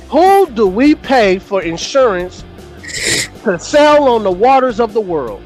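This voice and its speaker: A man's voice: sits high, very animated, a little slow, a little mellow, faint music behind. A man arguing hotly on a call-in panel, fired up and profane, talking over the others on a remote call. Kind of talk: heated call-in panel debate.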